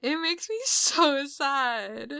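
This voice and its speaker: A woman's voice: high-pitched, big pitch swings, very slow, gravelly, bright, forceful tone, no echo, clean studio sound. A woman in casual, profane chat, recapping a movie and getting emotional over its ending.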